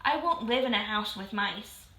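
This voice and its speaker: A woman voicing an excitable, frightened housewife in a storybook read-aloud, with a shrill, agitated manner. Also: normal speed. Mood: indignant. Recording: roomy echo.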